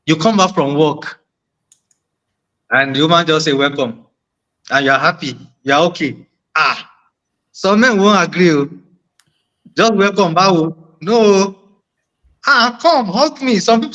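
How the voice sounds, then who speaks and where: A man's voice: sits high, bright, forceful tone, dull audio. A man on a discussion panel, making his point earnestly and often repeating phrases. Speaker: panel guest.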